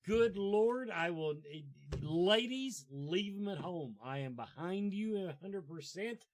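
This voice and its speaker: Lively joking man hosting a chat show. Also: high voice, slow, a little hiss or hum. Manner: joking, rambling, lively talk. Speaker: show host. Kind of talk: casual chat.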